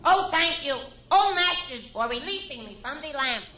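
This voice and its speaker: A man's voice: very high-pitched, lively intonation, normal speed, muffled recording. A man playing a wisecracking, theatrical ancient genie in a 1940s radio comedy, on a hissy old broadcast recording. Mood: joking. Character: boastful ancient male genie from a lamp.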